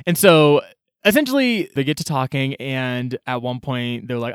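A man's voice: medium pitch, lively intonation, moderate pace, smooth, no echo, studio quality. A man co-hosting a casual book-discussion podcast, retelling the plot with many "like" fillers and acting out the characters' lines. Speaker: podcast co-host.

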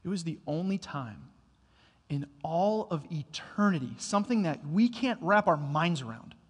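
A man delivers a sermon in a church hall, his voice a touch higher than most men's. He tells stories with rising energy, then slows to quiet, deliberate emphasis. A long reverb trails every word. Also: slightly rough. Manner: storytelling, builds to loud excited bursts then drops quiet. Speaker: pastor.

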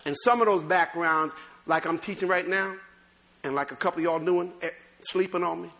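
Preacher, male, high bright voice, animated delivery with loud bursts and low asides. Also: a little fast, vocal fry. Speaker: pastor. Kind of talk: sermon.

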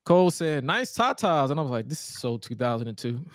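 Animated, profane man recapping wrestling. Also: medium pitch, smooth, dry recording, studio quality. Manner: animated, profane recapping with mock-incredulous outbursts. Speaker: podcast co-host. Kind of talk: casual chat.

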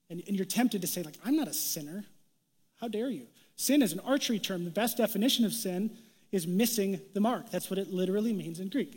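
A young adult man preaches in a light, conversational way, with a fairly high voice. Short bits of quoted dialogue get their own voices, and his words carry a long reverb through a large hall. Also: darkish tone. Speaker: pastor. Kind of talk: sermon.

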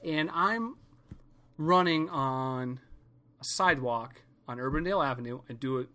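Bright-voiced ranting man. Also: mid-range voice, a little slow. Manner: profane, rambling, animated storytelling. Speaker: podcast host. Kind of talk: casual comedic rant.

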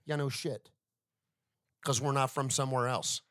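A man's voice: mid-range voice, steady tone, moderate pace, fairly bright tone, dry recording. Podcast co-host, man from Florida, easygoing, profane, dry mic. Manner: laid-back, swears freely. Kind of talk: casual podcast chat.

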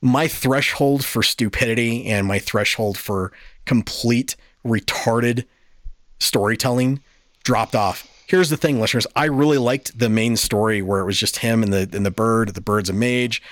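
A man's voice: mid-range voice, moderate pace, fairly bright tone, dry recording, clean studio sound. A man hosting a podcast, giving a casual, exasperated and profane review rant. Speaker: podcast host.

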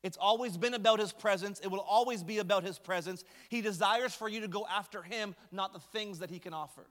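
Man, pastor, high voice, chatty preaching with humor, echoing hall. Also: a little fast, a bit bright. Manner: conversational storytelling with light humor. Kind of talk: sermon.

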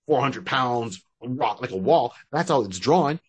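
A man's voice: mid-range voice, lively intonation, measured pace, breathy edge, no echo. Rambling man on a fan podcast. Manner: rambling, restarts often. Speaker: podcast co-host. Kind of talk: casual fan-casting chat.

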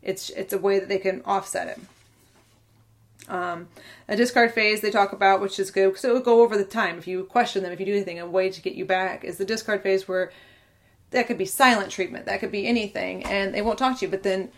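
Earnest woman with a gravelly voice. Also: medium pitch, steady tone, fairly quick. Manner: candid and earnest, often quoting others. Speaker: podcast host. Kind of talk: personal storytelling monologue.

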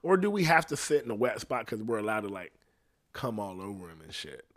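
A male podcast host talks fairly quickly through a casual, comedic, swear-filled monologue that rambles all over. He's animated, his pitch and volume swinging widely between loud and quiet phrases, and he keeps asking the listener "you know what I'm saying."

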